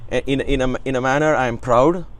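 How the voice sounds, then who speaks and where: A man's voice: medium pitch, fast. A man, a guest in an interview, telling a personal spiritual story in an earnest, reverent way. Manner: earnest, reverent, quotes his teacher with lively emphasis. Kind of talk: conversational storytelling.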